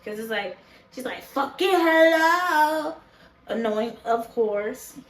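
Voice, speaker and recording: A woman's voice: on the high side, level tone, unhurried, a little mellow, roomy sound, poor audio. Blunt, foul-mouthed woman reviewer. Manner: blunt, profane and opinionated. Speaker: show reaction vlogger. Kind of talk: casual review chat to camera. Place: indoors, talking to a camera.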